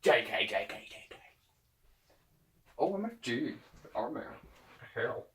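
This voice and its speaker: Brief: male vlogger, jumpy and animated, slow and drawn-out delivery, cusses freely. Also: medium pitch. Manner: excitable, swears, yelps and shouts at misses; talks to his dog and himself. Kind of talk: casual self-talk while filming.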